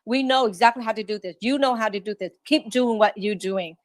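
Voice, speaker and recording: A woman running a restaurant, a guest on a podcast interview, talking in an animated way and often acting out quick quotes. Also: medium pitch, dry recording. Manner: animated, quotes herself and staff in lively asides.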